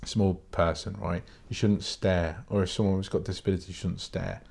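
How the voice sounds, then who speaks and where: Sweary British man ranting, lowish voice. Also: level tone, brisk, gravelly, darkish tone, husky. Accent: British English. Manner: blunt, sweary, rambling, with many restarts. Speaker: podcast host. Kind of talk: casual solo podcast rant.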